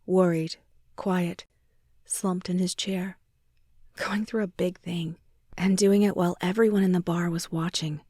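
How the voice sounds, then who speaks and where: A woman's voice: fairly low pitch, a little mellow, dry recording, studio quality. A woman narrating a first-person romance audiobook in an intimate way, sometimes dropping to a whisper.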